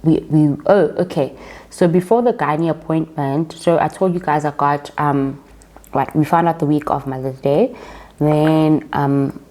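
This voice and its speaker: South African woman telling a slow, chatty story. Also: deep voice. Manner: chatty, animated retelling with quoted dialogue; addresses viewers as guys. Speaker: vlogger. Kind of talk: casual storytime chat.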